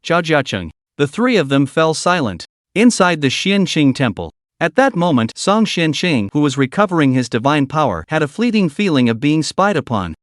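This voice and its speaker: Lively male recap narrator. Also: a little high, no echo, studio quality. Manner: dramatic storytelling. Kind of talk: scripted narration.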